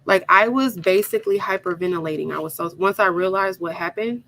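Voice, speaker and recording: A woman tells a story in a casual, dramatic way while she crafts, speaking straight to her viewers. Her voice sits at an ordinary pitch with a lot of gravelly fry. A faint hum of room noise runs underneath. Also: fairly quick, fairly bright tone, low-quality recording. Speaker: crafting channel host.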